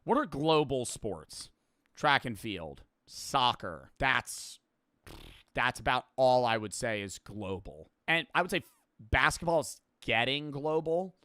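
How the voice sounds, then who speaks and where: A man's voice: medium pitch, very animated, slow, bright, forceful tone, no echo, clean studio sound. A young man streaming, chatting casually in a rambling, profane, offhand way while reacting to a video.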